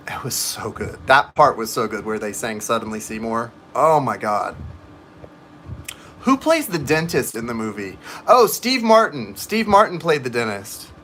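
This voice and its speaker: A man's voice: medium pitch, animated, a little slow, fairly bright tone, slight background noise. A man giving tarot readings on a live stream, chatting and rambling to viewers in the chat. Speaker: tarot reader.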